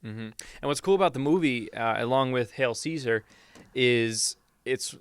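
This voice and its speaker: A young man co-hosting a podcast in casual chat. He retells scenes in an animated way and drops into quick impressions. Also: mid-range voice, clear, resonant tone, dry recording. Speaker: podcast co-host.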